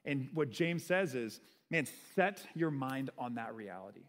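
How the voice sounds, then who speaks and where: A young man gives a relaxed, conversational sermon, tossing in "right?" to keep his listeners with him. His mid-range voice swings from animated to hushed. It rings out with the long reverb of a big church sanctuary. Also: medium pitch, a little slow. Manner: conversational, animated preaching with frequent "right?" asides. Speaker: pastor. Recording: long reverb of a large hall.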